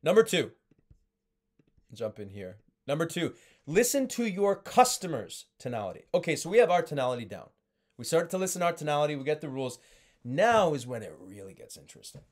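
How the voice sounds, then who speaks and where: Young man, sales trainer, casual talk, animated, lots of uh and um, voice jumps high and low. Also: fairly quick. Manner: frequent fillers and restarts.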